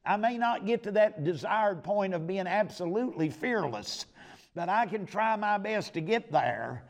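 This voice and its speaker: A man preaching a sermon in a folksy, emphatic way, dropping to a hush at key moments. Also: high voice, expressive, normal speed, gravelly.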